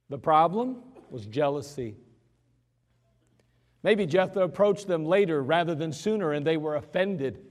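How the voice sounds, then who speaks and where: A man preaching in a church, his high voice leaping up and down as he dramatizes the story. His words ring out with a long reverb from the sanctuary. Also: expressive, normal speed, darkish tone. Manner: dramatic, acts out scenes with voices. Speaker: pastor. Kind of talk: sermon.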